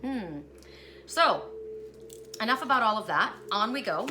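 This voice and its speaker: Her fairly high, animated voice keeps a measured pace as she reads oracle cards in a casual spiritual chat. She rambles and restarts her sentences often, and the home recording is noisy.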